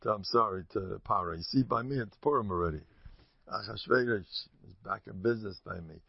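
Gravelly man giving a lively Torah class. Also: brisk, no echo. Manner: jokey, acts out quotes with sudden high squeaks and mutters. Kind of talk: animated Torah lecture with storytelling. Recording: dull lo-fi recording.

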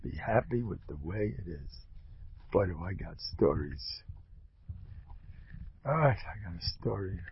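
A man's voice: deep voice, a little slow, long pauses, slightly rough, highs cut off. A man giving an informal, joking Torah talk, acting out quotes. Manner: animated, joking, acts out quotes. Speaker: rebbe and speaker.

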